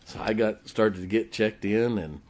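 A middle-aged man from Ohio preaching a storytelling sermon, switching between loud emphatic points and quiet, chatty anecdotes full of fillers. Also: lowish voice, moderate pace. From Canton, Ohio. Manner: folksy, frequent fillers and restarts, chuckles.

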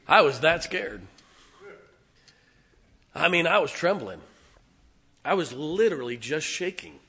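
Male preacher, animated sermon storyteller, bright and forceful. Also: on the high side, creaky. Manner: emphatic storytelling with audience call-outs. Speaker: pastor.

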